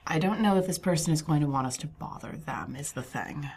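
A woman with a very low voice plays in a tabletop game. Her remarks come out dry and sarcastic. A faint hiss sits under the recording. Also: brisk, a little mellow. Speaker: player. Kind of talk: casual tabletop play.

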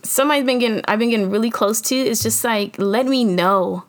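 A woman hosting a podcast, giving casual motivational talk in a lively, slangy, preachy way and laughing often. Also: a little high, quick pace. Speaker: podcast host.

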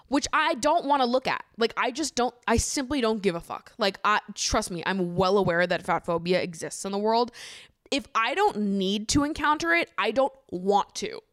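A young woman hosting a casual solo podcast, ranting in an opinionated, profane, animated way with bursts of laughter. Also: fairly low pitch, smooth, no room sound, clean studio sound. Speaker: podcast host.

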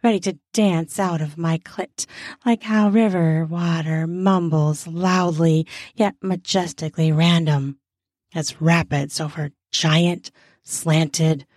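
Slow, low-voiced woman narrating. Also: fairly even intonation, a little mellow, dry recording, clean studio sound. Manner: breathy moaning asides. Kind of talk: sensual first-person story narration.

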